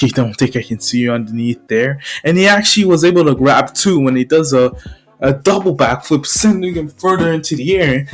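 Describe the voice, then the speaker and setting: Man excitedly rambling through a story. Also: on the high side. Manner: rambling, excited, quick restarts. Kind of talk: casual storytelling of a fan scenario.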